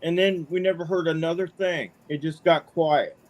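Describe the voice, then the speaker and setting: A man's voice: on the high side, steady tone, moderate pace. A middle-aged man calling in to a podcast, telling stories in a chatty, folksy way and often tagging on "man.". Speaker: caller. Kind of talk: casual storytelling.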